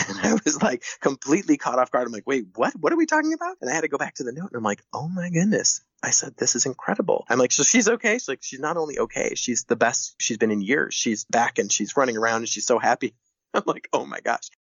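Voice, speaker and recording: A male doctor tells his stories fast and with energy, acting out every line he quotes. His voice is low and husky. The recording is dry and a little dull. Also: dry recording. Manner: animated storyteller, acts out quoted dialogue. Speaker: doctor, podcast guest. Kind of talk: casual interview talk.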